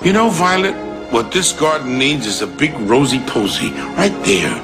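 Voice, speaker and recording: A man playing a gentle, bumbling flower-loving troll in an animated film. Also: mid-range voice, moderate pace, music in the background. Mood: cheerful. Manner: fussy, bumbling.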